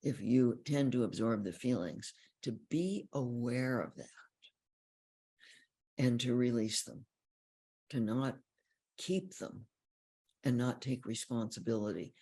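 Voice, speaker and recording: Husky-voiced woman counselor explaining calmly. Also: rumbling low, slow, long pauses. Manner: calm, explanatory, repeats key phrases. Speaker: relationship counselor. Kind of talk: teaching talk on feelings.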